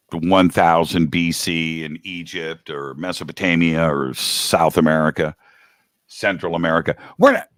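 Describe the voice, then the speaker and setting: Deep-voiced rambling man, slow and slangy. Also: a bit bright, dry recording, studio quality. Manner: rambling, laid-back, slangy. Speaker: guest radio host. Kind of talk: casual chat.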